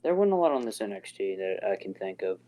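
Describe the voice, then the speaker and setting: A man's voice: fairly low pitch, sing-song, fast talker, warm tone, poor audio. A man on a podcast in casual chat, giving a rambling play-by-play recap. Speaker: podcast co-host.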